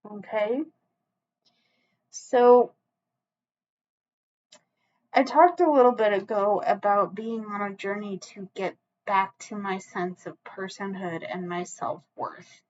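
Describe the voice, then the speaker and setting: A woman's voice: mid-range voice, slow pace, pauses often, a little mellow, highs cut off. A woman giving a solo tarot reading to camera, earnest and emotional, close to tears, with frequent restarts and a reassuring "okay?". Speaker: tarot reader.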